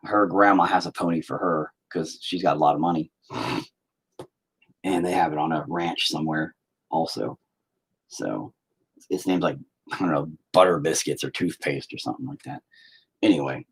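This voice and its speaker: Husky, profane man telling rambling stories. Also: low-pitched. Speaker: live-stream painter. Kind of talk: rambling casual storytelling.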